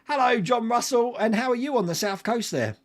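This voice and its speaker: A man's voice: very high voice, expressive, a little fast. A man, hosting a casual livestream and chatting with viewers by name, laughing often. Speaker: livestream host. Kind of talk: casual live chat reading viewer comments.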